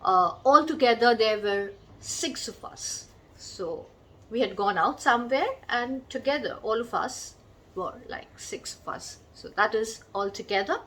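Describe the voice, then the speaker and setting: A woman's voice: fairly high pitch, animated, bright, forceful tone, low-quality recording. A woman teaching a vocabulary lesson, spelling out words letter by letter and giving examples. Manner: explains slowly, spells out letters, gives examples. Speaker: English teacher.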